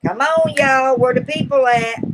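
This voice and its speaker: A woman's voice: sits high, unhurried, dry recording, low-quality recording. A woman with a Southern US accent hosting a casual live-stream Q&A, chatty, folksy and teasingly coaxing her viewers.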